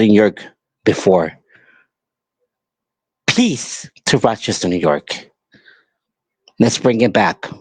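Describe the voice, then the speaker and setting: Male podcast host, angry emphatic monologue, unhurried pleading delivery, dry close sound. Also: mid-range voice, husky, no room sound. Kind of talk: impassioned monologue.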